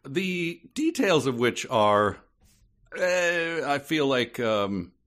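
A man's voice: mid-range voice, big pitch swings, takes it slowly, fairly bright tone. A man co-hosting a casual book podcast, delivering dry, sardonic complaints about the book. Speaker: podcast co-host.

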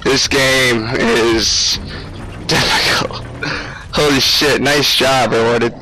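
A young man giving frantic live gameplay commentary, swearing and yelling at the game. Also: medium pitch, fairly even intonation, slow pace, creaky, background noise. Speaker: gamer.

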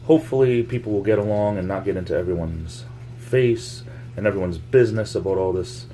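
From his home near the laundry, a YouTube vlogger gives a casual, rambling monologue to camera, looping back on his phrases and inventing words as he goes. His voice is deep and warm, his pace brisk, with slight background noise.

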